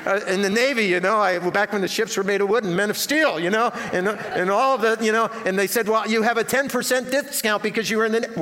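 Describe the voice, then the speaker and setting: An older man delivers a sermon from a church platform, and his voice sits slightly higher than most men's. He slides from Scripture into folksy, self-deprecating stories, and the sound rings with the long reverb of the hall. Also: fairly quick, hardly any pauses, bright, forceful tone. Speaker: pastor. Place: church sanctuary.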